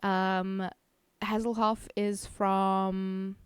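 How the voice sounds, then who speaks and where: A woman's voice: medium pitch, little pitch movement, extremely slow, clean tone, no echo. A South African woman streamer chatting casually with her viewers, giggly and self-teasing. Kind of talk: casual chat reading viewer messages.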